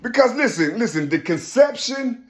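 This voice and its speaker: A man's voice: extremely high pitch, sing-song, moderate pace. A man giving earnest, preachy advice in street slang, repeating "you see?" again and again. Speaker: speaker giving life advice. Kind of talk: informal spoken advice.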